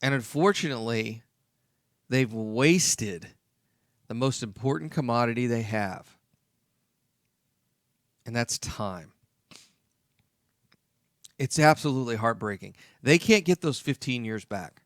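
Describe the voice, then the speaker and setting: A man's voice: medium pitch, animated, takes it slowly, long pauses, fairly bright tone, dry recording, studio quality. A man hosting a talk radio show, speaking emphatically and repeating his key points.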